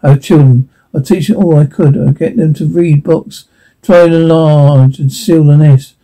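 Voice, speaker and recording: A man reading a radio play aloud, slow and reflective, with slips and restarts. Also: on the high side, fairly even intonation, mellow, poor audio. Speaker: reader narrating a radio play. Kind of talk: amateur reading of a radio script.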